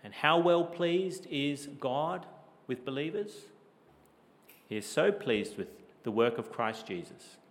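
A man preaching a sermon with emphatic rhetorical questions, his delivery rising loud and then dropping low. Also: big-room sound.

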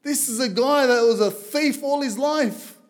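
A man from Lebanon preaching a sermon as a visiting preacher, reading scripture aloud in a loud, earnest way. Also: very high voice, unhurried. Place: church.

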